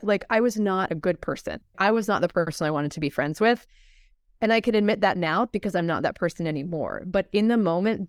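A woman telling her personal story as a podcast guest, animated and acting out the dialogue she quotes. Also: fairly low pitch, no room sound, studio quality.

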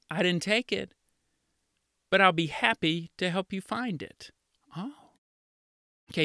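A middle-aged man, a children's pastor, giving a lively storytelling devotional to kids and acting out the voices of children he quotes. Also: sits high, no echo, clean studio sound. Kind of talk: kids' devotional talk.

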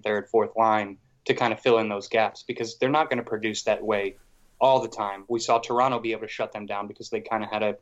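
A man's voice: on the low side, dull audio. A man co-hosting a podcast, talking hockey in a rambling, casual way full of fillers. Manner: rambling, filler-heavy, animated. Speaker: podcast co-host. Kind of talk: casual sports chat.

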